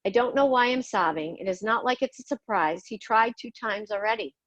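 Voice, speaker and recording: A woman's voice: mid-range voice, expressive, brisk, a bit bright, dry recording, poor audio. A middle-aged woman narrating her own life story in a somber, confessional way, blunt and sometimes swearing. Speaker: podcast host telling her own story. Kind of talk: personal memoir narration.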